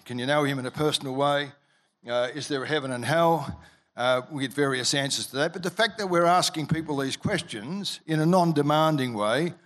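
A male pastor preaching a sermon, telling a story with frequent restarts and fillers, and rising in pitch and loudness when excited. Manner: lively, rises in pitch and volume when excited.

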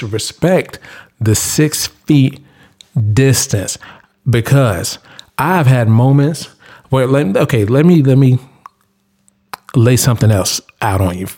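A man in a casual monologue hands out hygiene and cleaning tips with blunt, preachy insistence. His pitch sits in the middle, and he drives points home by repeating short commands, in loose informal speech. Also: animated, slow, pauses often, a little mellow. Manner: blunt, preachy, emphatic repetition. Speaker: vlogger giving tips.

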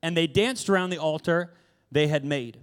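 A man's voice: on the high side, moderate pace. A man preaching a casual sermon, retelling a Bible story with jokes and asides. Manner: casual and joking, laughs between lines. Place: church hall.

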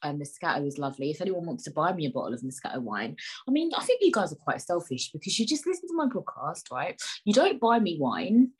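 Husky low-voiced woman rambling. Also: big pitch swings, fast talker, poor audio. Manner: joking, chatty, self-mocking. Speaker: podcast host. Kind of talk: rambling solo podcast chat.

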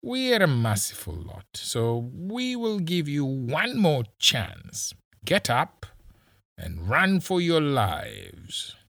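A man voicing a cold, menacing male police officer who taunts in a slow, drawn-out way. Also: a little high, huge pitch swings, gravelly, fairly bright tone, no echo, clean studio sound, voice pushed up, full character voice.

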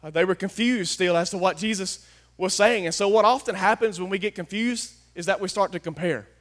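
A man delivers a sermon in a notably high voice. He talks folksy and plain, dropping to quiet confiding asides and then rising to loud, emphatic declarations. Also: brisk. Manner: folksy, swings from hushed to shouting. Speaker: pastor.

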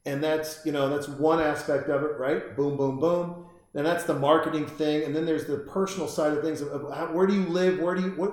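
A man casually commenting on a horror film as he watches it, rambling and excitable, talking to the characters on screen. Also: high-pitched. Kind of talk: casual live film commentary while drinking beer. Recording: very echoey room.

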